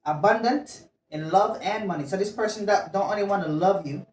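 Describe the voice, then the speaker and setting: A woman's voice: mid-range voice, brisk, darkish tone. A woman giving a casual love reading as a tarot reader, chatty and blunt, slangy, swearing and laughing as she talks. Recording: roomy sound, distant mic, faint noise.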